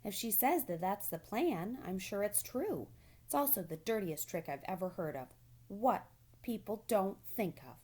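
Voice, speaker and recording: A woman voicing a calm, wise female spider with a sweet, musical and brisk way of talking. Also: medium pitch, slightly rough.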